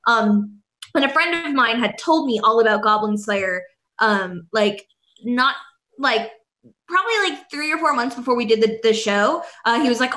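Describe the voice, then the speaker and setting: A woman with a bright, forceful, slightly high voice tells a story on a panel and acts out the lines of the people in it. Her voice rings in an echoey room, and her delivery is lively and animated. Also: normal speed. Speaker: voice actress and director. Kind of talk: casual anecdote.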